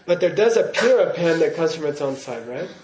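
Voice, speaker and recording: A man's voice: on the high side, lively intonation, a little fast, darkish tone, slight background noise. Playful male teacher in an echoey room. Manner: playful, often checks in with "okay?" and laughs. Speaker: Buddhist teacher. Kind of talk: classroom dharma teaching. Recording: roomy hall echo.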